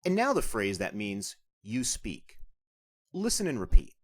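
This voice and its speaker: A man narrates a scripted beginner language lesson. He explains each point clearly and patiently. His pitch moves widely and his tone stays lively as he guides the learner. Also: a little slow. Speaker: language instructor.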